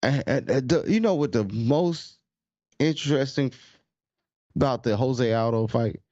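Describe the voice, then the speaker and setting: A man's voice: mid-range voice, a little slow, darkish tone, no echo, muffled recording. A man co-hosting a podcast in casual sports chat, laid-back and slangy, often restarting his sentences. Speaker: podcast co-host.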